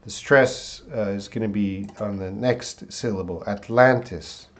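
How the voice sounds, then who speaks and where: A man's voice: on the low side, fairly even intonation, a little slow. A man teaching English pronunciation on a live stream from a desktop mic, talking casually with many hesitations. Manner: casual, hesitant, reads viewer comments aloud. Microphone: desktop USB mic.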